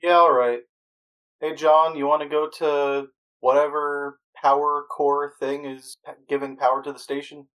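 Casual player asking quick questions. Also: medium pitch, little pitch movement, fairly bright tone, low-quality recording. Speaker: tabletop player. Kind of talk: playing a tabletop role-playing game.

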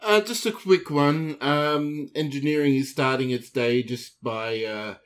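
A man playing a tabletop game, quietly and hesitantly describing a scene. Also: medium pitch, a little slow. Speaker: player.

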